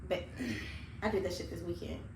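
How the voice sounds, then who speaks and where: A woman's voice: fairly low pitch, flat delivery, brisk. A woman co-hosting a podcast in blunt, reflective casual chat, swearing freely. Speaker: podcast co-host. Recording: echoey room with faint noise.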